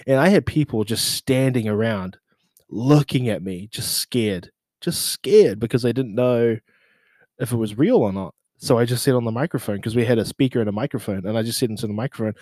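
A man recapping an event in casual storytelling, animated and slangy, often laughing and acting out what people said. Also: moderate pace, no echo. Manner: animated, laughing, acts out quotes with big pitch jumps. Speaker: social media marketing manager.

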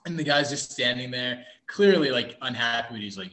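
A man's voice: mid-range voice, lively intonation, a little fast, hardly any pauses, pushed and bright. A young man co-hosting a podcast, telling rambling stories in a casual chat and often laughing as he goes. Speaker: podcast co-host. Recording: echoey room.

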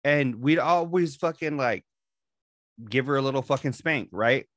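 In a casual podcast chat, a thirties-aged co-host swears freely while recounting a story about his daughter, addressing his partner as "dog." He speaks at a measured pace in a mid-range voice, recorded cleanly in a studio with no room sound.

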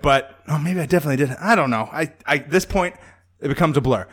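A man co-hosting a podcast, telling a story in casual chat, animated and laughing as he acts out what people said. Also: fairly high pitch, fast. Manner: animated, laughs through his own story, acts out quotes. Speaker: podcast co-host.

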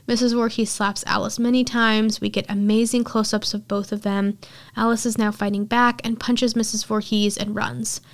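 Woman podcast host, chatty and casual recap, slightly high voice. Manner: chatty storytelling with filler words.

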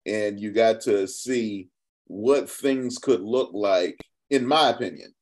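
A man hosting a podcast interview, talking in an expressive, reflective way with many restarts. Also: on the low side, slow. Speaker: podcast host. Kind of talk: conversational interview.

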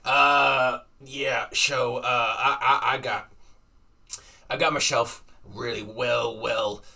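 Man doing a grumpy old honey badger, bright raspy voice, set back from the mic, gruff and threatening. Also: medium pitch, fairly even intonation, slow pace, far from the mic, heavily acted. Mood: grumbling. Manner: gruff, threatening, rambling with fillers. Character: cranky old male honey badger, retired driver.

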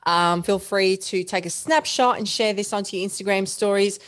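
A woman hosting a casual podcast and closing the show. Her voice sits at a middle pitch. She sounds enthusiastic and affirming toward her guest. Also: normal speed. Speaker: podcast host.

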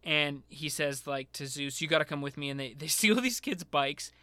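A man co-hosting a casual movie podcast, retelling scenes with animated flair and acting out the lines. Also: fairly high pitch, moderate pace. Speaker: podcast co-host. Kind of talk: casual movie recap chat.

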